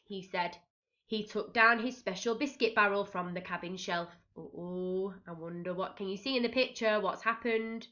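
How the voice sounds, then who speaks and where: A woman's voice: mid-range voice, a little slow, bright, forceful tone, dull audio. A woman teaching young children, reading a picture book aloud expressively, gasping and asking them questions as she goes. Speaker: reception teacher.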